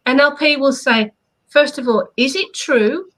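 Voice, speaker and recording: A woman's voice: sits high, normal speed, bright, forceful tone, low-quality recording. A woman co-hosting a live online chat, a hypnotherapist who coaches earnestly and asks rhetorical questions. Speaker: hypnotherapist co-host. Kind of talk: casual live-stream chat.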